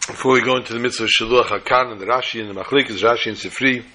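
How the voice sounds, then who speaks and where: A man teaching a Torah class, telling a story with acted-out quotes and Hebrew terms in a husky voice. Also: medium pitch, fairly even intonation, rapid-fire, sharp tone.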